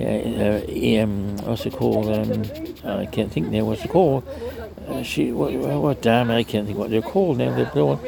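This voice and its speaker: Brief: older Cornish man, gravelly, mid-pitched, yarn-spinning interviewee. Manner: chatty, restarts, mild swearing. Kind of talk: rambling storytelling.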